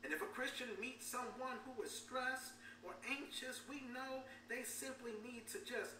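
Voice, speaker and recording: A high-pitched woman pastor delivers a sermon at normal speed, frequently repeating herself and asking the congregation for amens. It's recorded in a church sanctuary through a distant mic, so the room echoes and a faint hum is audible.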